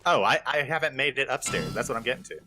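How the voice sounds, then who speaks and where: A man's voice: mid-range voice, animated, quick pace, over loud music. A man in a co-op gaming session, talking in a rambling, hesitant way with many fillers. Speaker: co-op gameplay host. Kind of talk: casual gaming chat.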